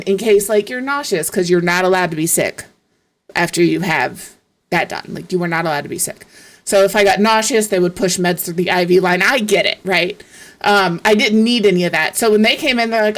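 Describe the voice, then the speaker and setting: A woman's voice: mid-range voice, fairly bright tone. A woman streamer in casual chat, telling stories in a profane, exasperated way.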